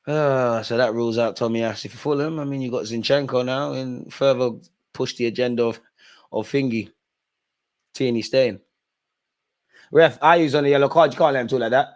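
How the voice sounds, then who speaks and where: A man's voice: medium pitch, steady tone, moderate pace, pauses often. A young man hosting a live football watch-along, reacting to the match in an exasperated way and talking straight at the players and the referee.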